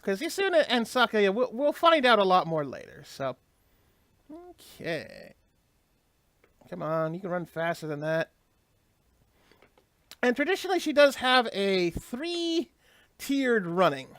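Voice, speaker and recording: A man narrates his gameplay in a loose, rambling way, pausing and restarting as he explains. His pitch swings up and down with animated inflection. The sound is dry, with no room echo. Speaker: let's play host. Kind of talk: casual gameplay commentary.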